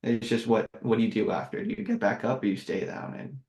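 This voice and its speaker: A man co-hosting a podcast in casual chat, relaxed and agreeable, swearing now and then. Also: lowish voice, fairly quick. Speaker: podcast co-host, sales engineer. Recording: roomy echo.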